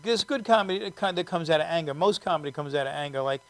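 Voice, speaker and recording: A woman comedian hosting a casual show, telling rambling comic stories in an animated way and laughing often. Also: low-pitched, fast. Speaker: comedian host.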